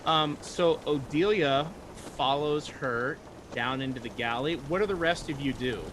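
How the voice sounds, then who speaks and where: Unhurried man running a tabletop game. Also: fairly high pitch, noisy background. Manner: relaxed, full of fillers and restarts. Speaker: game master.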